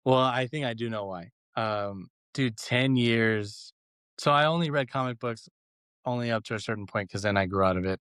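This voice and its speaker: A man's voice: mid-range voice, normal speed, a bit bright, clear, resonant tone, no echo, studio quality. A man co-hosting a casual podcast chat, telling stories animatedly and acting out quotes with laughs. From Los Angeles. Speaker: guest cohost.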